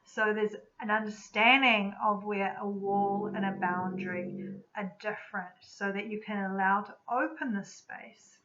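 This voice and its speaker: Woman practitioner, mid-range voice, calm reflective teaching talk, slightly muffled lo-fi sound. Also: medium pitch, a little slow, a little hiss or hum. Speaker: energy medicine practitioner. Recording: slightly dull lo-fi recording.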